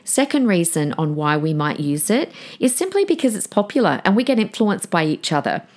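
A woman's voice: on the low side, sing-song, a little fast, darkish tone. A woman, hosting a solo podcast in a chatty, direct way and often calling her listeners "guys". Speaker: podcast host.

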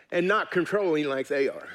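A man's voice: fairly high pitch, fairly bright tone, slight background noise. A man preaching a sermon in church, folksy and joking but earnest. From United States. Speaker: pastor.

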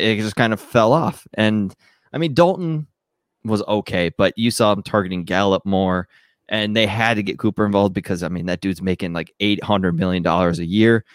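A man with a fairly low voice talks loosely and at length, circling back and restarting his sentences. He co-hosts a casual sports chat. His voice sounds dry and close to the mic. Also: no room sound. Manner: rambling, with restarts and fillers. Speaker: podcast co-host. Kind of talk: casual fantasy football chat.

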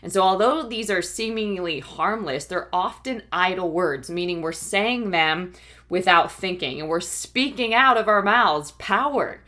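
Low-voiced woman teaching, chatty with "right?". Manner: conversational, keeps checking in with "right?" and "okay?"; warm, encouraging, laughs now and then. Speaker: faith-based life coach. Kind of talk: teaching talk.

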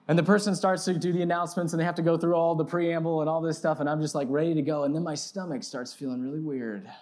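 A man preaching to a live audience in a casual, self-mocking storytelling style, peppered with "like" and "right?", swinging from loud excitement to quiet reflection. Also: fairly high pitch, quick pace. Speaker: pastor.

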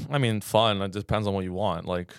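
A man's voice: lowish voice, smooth, no echo, studio quality. A young man co-hosting a podcast in casual chat, joking and defensive. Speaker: podcast co-host.

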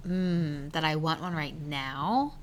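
A woman's voice: low voice, slow, a little hiss or hum. A woman casually chatting as a podcast co-host, teasing and laughing. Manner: teasing, playful, laughs often. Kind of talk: casual chat.

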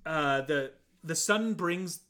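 A man's voice: a little high, slow, sharp tone. A man co-hosting a podcast, recapping a movie in casual chat, joking and laughing often. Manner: jokey, laughs often, acts out lines in silly voices. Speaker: podcast co-host.

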